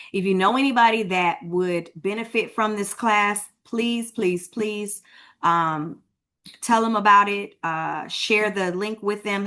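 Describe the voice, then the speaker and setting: Her mid-range voice sounds pushed and bright as this Texan real estate broker runs a live online class for homebuyers. Talking in a chatty, informal way, she muses out loud while sorting out tech problems, captured on a video-call computer mic.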